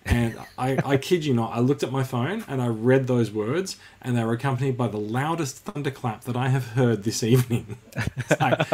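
A man's voice: mid-range voice, moderate pace, a little mellow, slightly rough. Chatty Australian man hosting a podcast. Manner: chatty and upbeat, with many fillers. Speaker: podcast host. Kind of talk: casual podcast chat.

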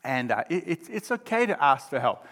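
A man in his fifties preaching a sermon as pastor, shifting from quiet reflection to loud, emphatic exclamations. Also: a little high, very animated, moderate pace.

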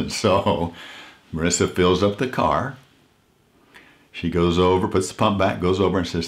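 Deep-voiced male speaker, earnest and inspirational, leans on stories and slows down for emphasis. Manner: earnest, slows down to stress key points. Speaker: motivational speaker. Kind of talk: inspirational talk with storytelling.

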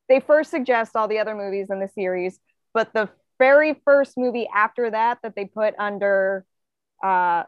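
A woman's voice: medium pitch, no echo, dull audio. Chatty woman co-hosting a podcast. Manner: chatty, quick with reactions and asides. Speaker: podcast co-host. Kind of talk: casual movie chat.

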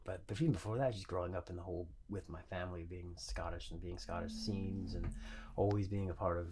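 A male guest musician chatting casually on a podcast, laid-back and soft-spoken. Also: deep voice, fairly even intonation, brisk, over loud music. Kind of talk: casual chat.

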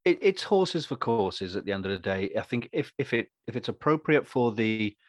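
A man who acts, talking through his opinions in a rambling, animated way and acting out other people's lines. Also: mid-range voice, moderate pace, no echo. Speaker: podcast co-host and actor. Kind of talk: casual opinionated chat.

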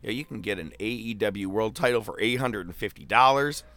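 A man telling a long story in casual podcast chat, loose and animated, with swearing and filler words. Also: fairly low pitch, brisk, dry recording.

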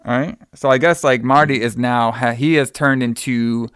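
A man casually recapping a horror movie on a podcast, rambling and swearing, with quick acted-out quotes. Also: mid-range voice, fairly even intonation, a bit bright, clean tone, dry recording, clean studio sound. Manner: rambling, profane, acts out characters in quick quotes. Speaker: podcast co-host.

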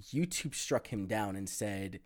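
A man co-hosting a podcast, talking in a loose, profane, animated way with plenty of fillers. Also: on the low side, a little slow. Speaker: podcast co-host. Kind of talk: casual chat.

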